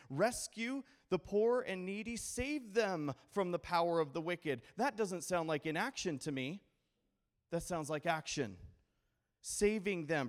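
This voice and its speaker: A man from Idaho preaching a sermon, asking the congregation questions and mixing in casual humor. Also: high-pitched. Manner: conversational preaching with call-and-response questions and humor. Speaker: pastor.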